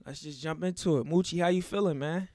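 A man's voice: a little high, a little fast, darkish tone, dry recording. A man hosting a casual podcast chat, joking around and steering the talk with questions. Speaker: podcast host.

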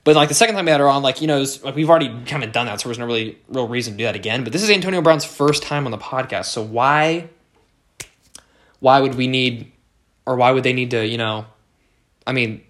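Riffing alone on his podcast, this young American host speaks fast in a mid-range, fairly bright voice. The casual monologue is unscripted and wandering, packed with swearing, fillers, restarts, and loops back to earlier points.

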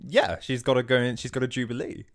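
A man's voice: mid-range voice, flat delivery, fast. A man co-hosting a comedy podcast, riffing with jokey, absurd ideas in improvised banter.

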